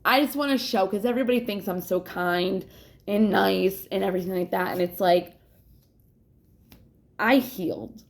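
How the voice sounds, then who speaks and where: Vocal fry colors this mid-range female voice, which moves at a moderate pace and pauses often. In her casual personal vlog, the young woman rambles candidly, curses frequently, laughs between ideas, and yawns to catch her breath.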